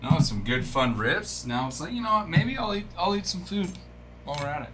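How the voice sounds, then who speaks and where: Excitable man with a bright, lively voice. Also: on the high side, fairly quick, a little hiss or hum. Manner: excitable, chatty, bursts into yells. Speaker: host of a live sports card break stream. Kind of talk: live-stream card opening chat.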